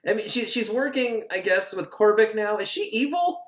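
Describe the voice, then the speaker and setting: A man's voice: sits high, normal speed, hardly any pauses, fairly bright tone. A man casually and sarcastically recapping an old film, swearing and laughing, in an echoey room.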